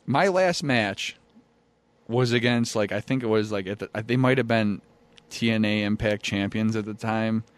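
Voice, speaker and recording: A man's voice: fairly low pitch, normal speed, clear, resonant tone, no room sound. Laid-back man telling wrestling stories. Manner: laid-back, profane, acts out quotes loudly. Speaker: former pro wrestler, guest. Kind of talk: casual podcast chat, storytelling. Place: studio. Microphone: studio mic.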